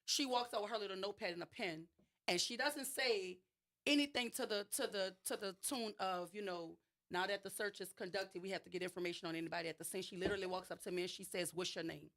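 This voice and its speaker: A woman's voice: medium pitch, fast, fairly bright tone. Emphatic woman with a New Orleans accent. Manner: emphatic storyteller, frequent restarts. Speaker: guest. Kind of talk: radio interview, personal account.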